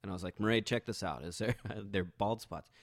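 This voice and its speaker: A man's voice: on the low side, fairly quick, no echo, studio quality. A man hosting a podcast, telling an embarrassing story in a rambling, self-mocking way with many restarts. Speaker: podcast host. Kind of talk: casual storytelling monologue.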